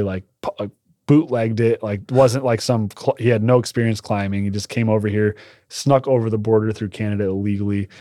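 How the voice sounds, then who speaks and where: A young man spins a rambling, animated story in casual podcast chat, cursing offhandedly. His voice sits on the low side. The sound is dry and close, with no room echo. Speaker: podcast guest, cannabis shop owner.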